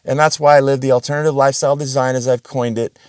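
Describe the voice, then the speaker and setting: A man's voice: medium pitch, flat delivery, fast talker, a little mellow, smooth, no echo, studio quality. A man hosting his own podcast, talking casually and bluntly in a rambling solo monologue, swearing freely. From Russian family background. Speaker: podcast host.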